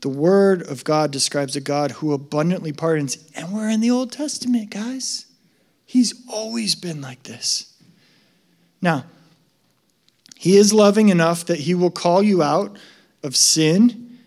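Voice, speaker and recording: A male pastor preaching a sermon in a conversational, emphatic way that rises to loud excitement. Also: high-pitched, measured pace.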